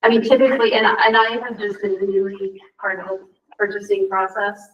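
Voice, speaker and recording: A woman's voice: medium pitch, little pitch movement, brisk, slight background noise. An earnest woman librarian answers a committee's questions, searching for her words as she goes. She sits back from the microphone in a roomy meeting space. The recording sounds dull and echoey. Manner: earnest, thinking aloud, with restarts and filler. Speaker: school librarian. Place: school meeting room. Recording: roomy, dull, from a distant mic.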